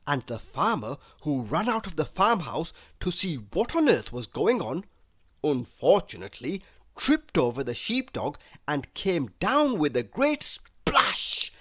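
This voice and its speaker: A man reading a children's storybook aloud in a slow, very expressive, sing-song way. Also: sits high. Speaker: storybook reader.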